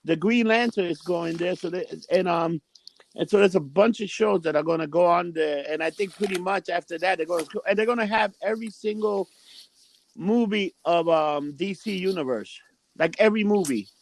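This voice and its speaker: A man's voice: sits high, moderate pace, slight background noise. A man co-hosting a casual podcast, swearing freely and asking questions, with lots of fillers. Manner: casual, profane, asks questions, many fillers. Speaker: podcast co-host.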